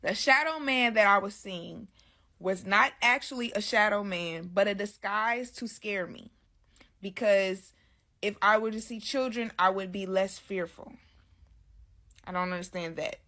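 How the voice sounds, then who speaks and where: A woman's voice: mid-range voice, unhurried, pushed and bright. A woman as a guest, casually telling her own story in loose, slangy speech and often addressing listeners as "y'all".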